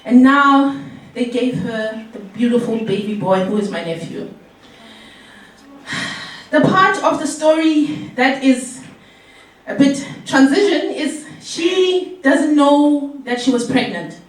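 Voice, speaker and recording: High-voiced woman telling a story on stage. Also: slow. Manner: animated, laughing often. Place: live event venue. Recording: echoey hall, mic far off.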